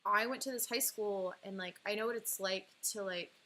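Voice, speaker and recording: A young woman in her twenties from California, a livestream artist and host, chats on her stream while telling a personal story. She's casual and emotional, says "like" constantly and breaks into laughs. Her mid-range voice is bright and forceful at a moderate pace, with slight background noise.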